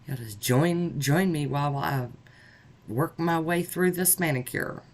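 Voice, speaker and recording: A woman's voice: deep voice, measured pace, darkish tone. Chatty woman narrating a nail tutorial. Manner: chatty, upbeat, talks through each step. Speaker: nail art vlogger.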